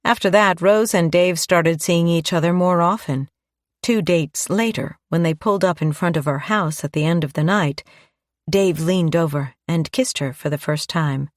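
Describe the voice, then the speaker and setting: Low-voiced woman reading an audiobook. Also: moderate pace, no echo, clean studio sound. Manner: calm, even storytelling. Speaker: audiobook narrator. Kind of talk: scripted narration.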